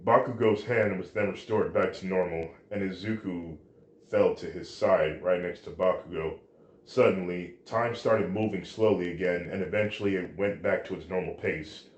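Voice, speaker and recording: A man reading a fan story aloud, halting now and then with restarts. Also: low-pitched, lo-fi sound. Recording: roomy echo.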